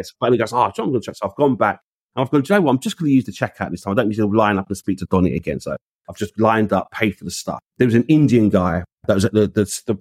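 A man tells a story with a lively, swinging voice and slips into the voices of the people he quotes. His slang is casual and the recording is dry and close. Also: fairly low pitch, dry recording. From England. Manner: animated, acts out quoted voices, uses street slang. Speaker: guest.

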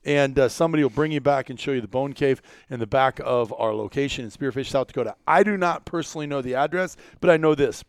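A man's voice: mid-range voice, fast talker, few pauses, clean tone, no echo, clean studio sound. A man hosting a casual podcast from a small media room at his business, rambling and joking with plenty of fillers. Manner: rambling, filler-heavy, jokey. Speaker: podcast host.

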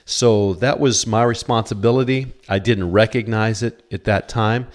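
A man's voice: lowish voice, steady tone, normal speed. A middle-aged man preaching a sermon as a pastor, earnest and quoting scripture, often stammering on repeated words. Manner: cites scripture verses.

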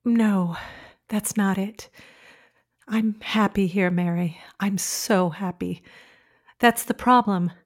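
An actress playing an anxious young pregnant wife in an audio drama, speaking softly and stammering. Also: female voice, medium pitch, steady tone, slow. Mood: teary, anxious. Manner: hesitant, stammering, soft-spoken.

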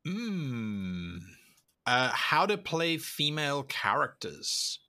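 A man being interviewed as a tabletop role-play video creator, explaining at length in an animated way and acting out the thoughts he quotes. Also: fairly high pitch, very slow, clean tone, no echo, clean studio sound. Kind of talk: conversational interview answers.

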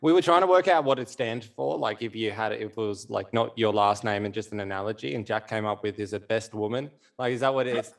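A man's voice: fairly low pitch, fast, vocal fry. A male podcast co-host chatting casually, rambling and restarting his sentences. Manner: rambling, hesitant phrasing.

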